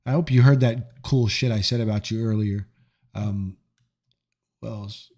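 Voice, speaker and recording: A man's voice: fairly low pitch, fairly even intonation, a little slow, warm tone. Joking, profane streamer guy. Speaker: livestream host reading chat. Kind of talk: casual live-stream chat.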